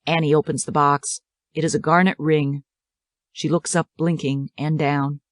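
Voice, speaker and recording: A woman narrating the stage directions of a play in a steady, descriptive reading. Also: sits low, normal speed, no room sound, studio quality. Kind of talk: dramatic reading of a play script.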